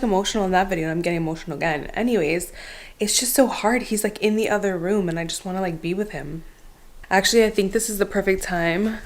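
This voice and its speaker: Chatty young woman vlogging. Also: medium pitch. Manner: rambling, lots of "like". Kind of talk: casual vlog chat to camera. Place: at home and out running errands. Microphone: phone held at arm's length.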